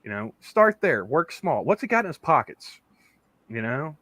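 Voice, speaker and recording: A man co-hosts a casual online chat show as a podcast co-host, rambling with lots of "you know" and restarting his sentences. His voice is a little high and bright, swinging widely in pitch at a normal speed with a forceful tone, and the recording has no room sound.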